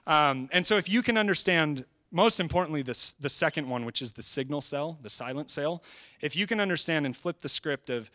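A man presenting at a training session, talking in an energetic, conversational way and quoting people in quick asides. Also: on the high side. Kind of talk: live presentation. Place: presentation hall.

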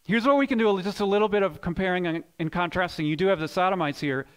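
Guy preaching in church, fairly high voice, goes big and loud then drops to almost nothing, lots of "the, the, the". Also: quick pace, clear, resonant tone. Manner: dramatic swings between loud emphatic bursts and hushed low lines; repeats words and restarts while building a point. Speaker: pastor. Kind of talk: sermon. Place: church sanctuary.

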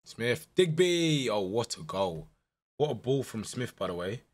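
Excitable young man. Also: medium pitch, unhurried. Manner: animated, swings from muttered dread to shouting excitement. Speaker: gaming YouTuber. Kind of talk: live gameplay commentary.

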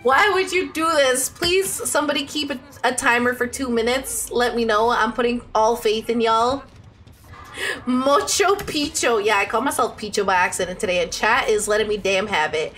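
A young adult woman streaming a game live, chatting excitably with her viewers and squealing as she plays. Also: fairly high pitch, normal speed, soft background music. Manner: excitable, squealing, talks to chat. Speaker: Twitch streamer.

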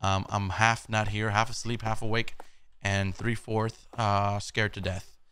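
A man's voice: lowish voice, flat delivery, unhurried, a bit bright, clean tone. A young man playing a horror game, reacting with nervous jokes, swearing and startled outbursts. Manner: jumpy, swearing, nervous joking. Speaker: gaming YouTuber. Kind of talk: horror game let's play commentary.

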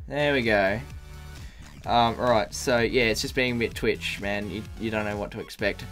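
A man's voice: fairly low pitch, fairly even intonation, moderate pace, fairly bright tone. A man streaming a game live, tired, talking in a rambling, profane way full of fillers and restarts. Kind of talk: casual live-stream chat. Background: faint music.

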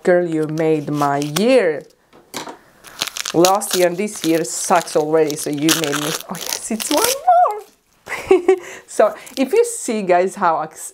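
A woman beauty vlogger unboxing gifts in a casual, excitable and emotional way. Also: low-pitched, unhurried, a little hiss or hum. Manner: excitable and emotional, squealing with delight.

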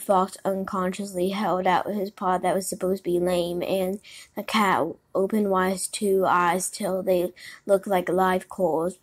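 A woman narrating a children's storybook in an expressive reading voice. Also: lowish voice, husky. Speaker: audiobook narrator.

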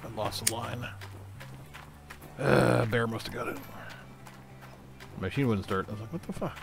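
Gravelly man, far from the mic. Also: medium pitch, measured pace. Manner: quiet, offhand remarks. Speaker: gaming friend. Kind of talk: casual chat while gaming. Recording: distant from mic with music behind.

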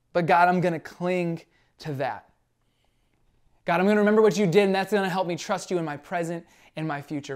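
A man's voice: sits high, a little mellow, clean tone. A young man preaching a sermon as a pastor, earnest and conversational, reading scripture with feeling and acting out prayers.

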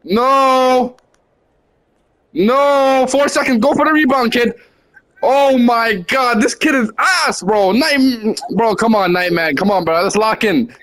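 A young man with a high voice chatting live during a basketball video game. He drawls his words slowly and barks the same short commands again and again, teasing and coaching his teammates. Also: a bit bright. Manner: rapid repeated commands and teasing. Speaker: gamer coaching teammates on voice chat.

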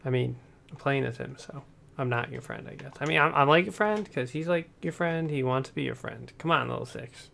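A man giving chatty, excitable let's-play commentary, talking to the game's characters as he plays. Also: mid-range voice, brisk, vocal fry, slight background noise. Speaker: gameplay commentator.

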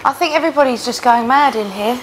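High-voiced incredulous woman, kitchen clatter. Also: fast talker, noisy background. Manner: incredulous, chatty. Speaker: reality show housemate. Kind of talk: casual chat.

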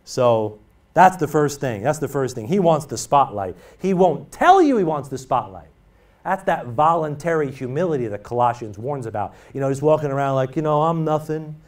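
Male pastor preaching, pitch all over the place, mic kinda far from him, keeps hammering the same line over and over. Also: moderate pace. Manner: animated, emphatic, repetitive preaching. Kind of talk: sermon. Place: church.

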